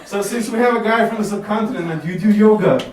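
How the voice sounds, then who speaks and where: A man's voice: sits high, quick pace. Man, stand-up comedian, casual and profane, roomy café, far from the mic. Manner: laid-back, swearing, frequent fillers. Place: café stage with audience. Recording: roomy, distant, noisy room recording.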